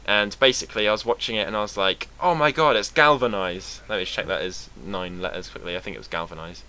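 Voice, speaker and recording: A young British man from England talking to camera in a casual, rambling vlog, sarcastic and quick to swear. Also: deep voice, fairly even intonation, pushed and bright. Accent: British English. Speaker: vlogger.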